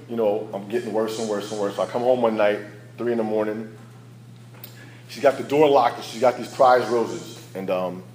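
A man's voice: fairly low pitch, a little mellow, reverberant, a little hiss or hum, low-quality recording. A man sharing his personal recovery story as a candid, storytelling speaker who laughs at his own past. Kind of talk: personal testimony talk.

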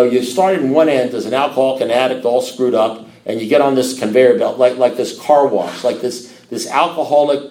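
A man's voice: medium pitch, mellow, echoey room. A man giving a rambling, folksy personal testimony at a recovery meeting, with emphatic rising bursts.

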